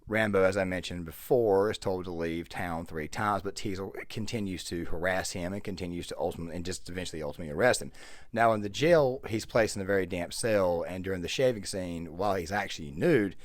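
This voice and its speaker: A very low-voiced man talks through a movie's plot in a relaxed commentary voiceover. He explains each scene in turn with a few fillers along the way. The recording is dry and close, with no room sound. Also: dry recording. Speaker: YouTube film commentator. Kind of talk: casual film commentary voiceover.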